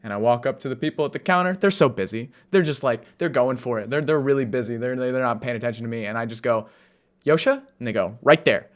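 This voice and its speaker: A man's voice: medium pitch, fast, few pauses. A young man from the United States telling a story in a casual, rambling way, with many fillers and restarts and a self-amused tone. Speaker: vlogger.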